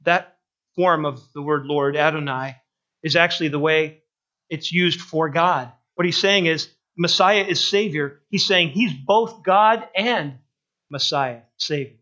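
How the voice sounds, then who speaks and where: A man preaching a sermon with emphatic builds to climaxes that then drop to a low close. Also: unhurried, pushed and bright, dull audio.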